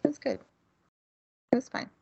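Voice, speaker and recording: A woman's voice: moderate pace, dark tone, lo-fi sound. A woman co-hosting a casual podcast, giving teasing, giggly short replies. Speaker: podcast co-host.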